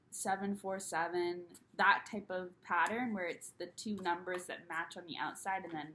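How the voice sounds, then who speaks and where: A woman's voice: mid-range voice, a bit bright. A young woman chatting on her own spiritual video channel, rambling loosely with restarts and little laughs, candid and self-mocking. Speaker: spiritual YouTuber. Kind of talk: casual solo vlog chat.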